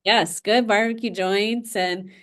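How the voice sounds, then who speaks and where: A woman's voice: mid-range voice, steady tone, slow pace, a bit bright. A woman hosting an interview, asking questions in an enthusiastic, chatty way. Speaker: interview host. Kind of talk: casual interview chat.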